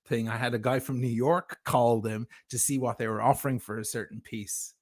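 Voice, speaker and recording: A man defends himself on a heated livestream. He is emphatic and sarcastic, and his voice sits at an ordinary mid pitch. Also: steady tone, normal speed, a little mellow. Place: lives in Venice.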